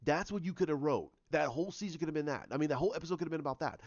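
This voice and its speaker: A man giving a ranting commentary, animated and repetitive, often restarting his sentences. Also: a little high, very fast, no echo, dull audio. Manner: animated, repeats himself, many restarts.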